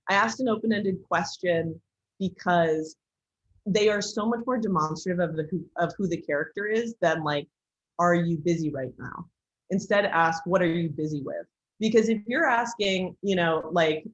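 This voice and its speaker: An American woman teaching an online class in a chatty, candid way, full of likes and ums, while demonstrating software. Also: on the low side. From United States. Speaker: instructor. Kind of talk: casual online class demo. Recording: dull lo-fi recording.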